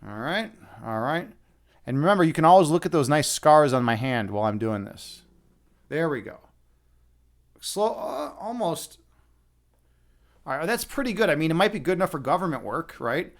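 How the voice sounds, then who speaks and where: Lively chatty man on a livestream. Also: a little high, moderate pace, long pauses. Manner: rambling, chatty, talks to viewers, swears now and then. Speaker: livestream host. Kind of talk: casual livestream chat.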